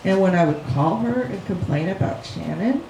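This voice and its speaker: A woman sharing a heartfelt personal memory at a memorial, speaking slowly and haltingly with fillers. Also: lowish voice, expressive, gravelly, a crowd in the background. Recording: echoey room with background noise.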